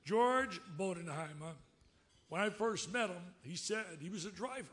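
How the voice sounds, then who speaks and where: A man in his seventies giving a lively, excitable acceptance speech, telling stories loudly. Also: sits high, normal speed. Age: 70s. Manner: excitable, loud, storytelling, exclamatory. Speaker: award recipient giving a speech.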